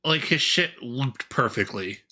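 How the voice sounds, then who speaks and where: Bright-voiced, opinionated man chatting. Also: mid-range voice, animated, unhurried. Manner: opinionated, emphatic, with repeated restarts. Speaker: podcast co-host. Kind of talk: casual podcast chat.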